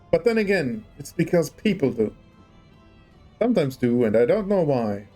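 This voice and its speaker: A man's voice: a little high, sing-song, normal speed, dark tone, soft background music. A man casually chatting on a livestream while playing a game, musing and rambling as he tries out rolled R's. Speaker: game streamer.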